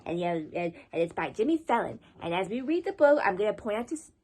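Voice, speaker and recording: Lady librarian doing storytime for little kids, breathy voice, bouncy singsong. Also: medium pitch, very animated, darkish tone. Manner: sing-song, encouraging, teaching words slowly. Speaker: children's librarian. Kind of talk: children's storytime reading.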